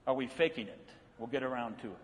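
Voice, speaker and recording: A man preaching a sermon as a pastor, telling folksy stories and then dropping low and quiet for his earnest points. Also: fast, slight background noise. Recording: long hall reverb.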